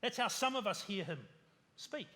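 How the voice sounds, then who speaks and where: A man preaches with a high, bright, ringing voice, earnestly stacking lists and asking his listeners rhetorical questions. His words trail into a long reverb, as in a church hall. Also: very animated, normal speed. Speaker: pastor. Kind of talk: sermon.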